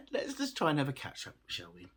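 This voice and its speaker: A man's voice: high-pitched, huge pitch swings, moderate pace, fairly bright tone, husky. A tired man chatting casually to his camera as a vlogger, laughing often and making fun of himself. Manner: chatty, laughs often, self-deprecating, trails off.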